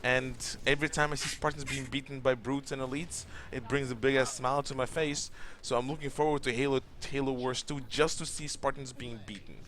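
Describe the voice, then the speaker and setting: A man's voice: mid-range voice, fairly even intonation, fairly quick, hardly any pauses, fairly bright tone. Rambling, opinionated young man streaming. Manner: rambling, opinionated, swears freely. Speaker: co-host of a gaming stream. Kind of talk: casual gameplay chat.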